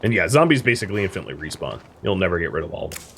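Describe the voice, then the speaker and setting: Man, streamer, low voice, relaxed game commentary, chatty explainer with fillers, faint background hum. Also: very fast, creaky. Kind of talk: casual gameplay commentary.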